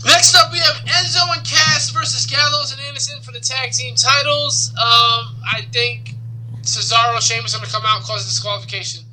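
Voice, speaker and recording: A man co-hosting a podcast in casual chat, excitable and quick to raise his voice. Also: extremely high pitch, a little hiss or hum, rough recording. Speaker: podcast co-host.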